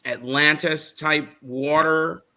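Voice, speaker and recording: A man's voice: fairly high pitch, steady tone, takes it slowly, bright, forceful tone. A man on a casual panel chat, telling a rambling story and losing track of names.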